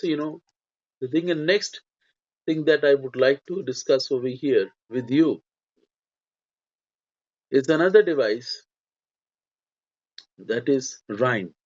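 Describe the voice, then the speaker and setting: A man's voice: fairly high pitch, lo-fi sound. A man teaching a lesson, talking hesitantly with many fillers and restarts. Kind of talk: spoken lecture on poetry.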